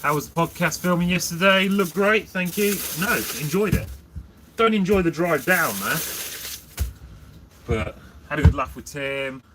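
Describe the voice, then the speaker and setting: Man on a livestream from his food van, lively up-and-down delivery, chatty with viewers, noisy background. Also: fairly high pitch, unhurried, long pauses. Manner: chatty, reads out and answers viewer comments. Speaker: livestream host selling jacket potatoes. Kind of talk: casual livestream chat with viewers.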